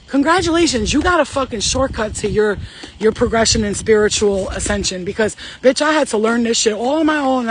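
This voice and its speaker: A woman's voice: high voice, slightly rough. Rambling profane woman medium. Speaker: spiritual medium. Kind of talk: casual spiritual channeling vlog.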